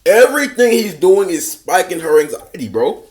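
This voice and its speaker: A man with a fairly high voice gives casual dating advice while reacting to a clip. His delivery is blunt and slangy, with a mock-lecturing edge. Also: very animated, normal speed.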